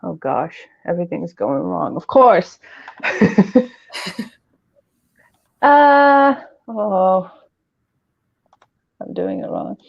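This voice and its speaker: A woman hosts a relaxed livestream chat, drawling along at an unhurried pace. She rambles and giggles between thoughts. Her audio sounds dull and lo-fi. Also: medium pitch, gravelly. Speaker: host.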